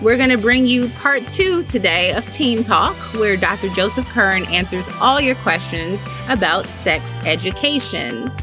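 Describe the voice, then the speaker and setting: A woman hosting a podcast, giving a friendly, brisk introduction. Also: medium pitch, animated, music in the background. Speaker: podcast host.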